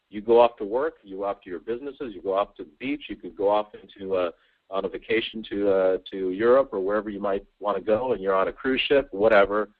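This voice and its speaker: A man with a low, deep voice delivers an eager sales pitch over a conference call. He keeps stressing his points and often trips over repeated words. The sound is thin and tinny, as though heard down a phone line. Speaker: sales presenter. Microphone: telephone on a conference call.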